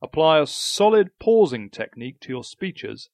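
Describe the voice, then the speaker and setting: A man presenting a spoken newsletter in scripted narration, measured and deliberate with emphatic pauses. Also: on the high side, very animated, darkish tone, no echo.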